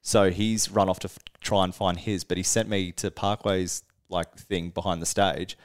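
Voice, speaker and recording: A man with a fairly low voice tells a tour story as a podcast co-host. He is lively and casual, often breaking into laughter mid-sentence, and swears freely as he goes. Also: normal speed. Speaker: touring musician, podcast co-host.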